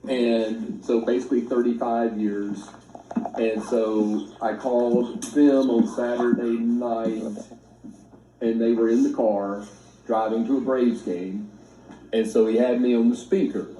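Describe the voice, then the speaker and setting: A man in his fifties telling a story casually to family and friends, acting out the quoted voices with lively emphasis. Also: medium pitch. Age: 50s. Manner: animated, acts out quoted speech. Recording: roomy sound from a distance.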